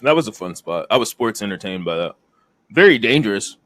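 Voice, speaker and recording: A man co-hosting a casual wrestling review podcast, animated and laughing often. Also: fairly low pitch, a little fast, no room sound. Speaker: podcast co-host.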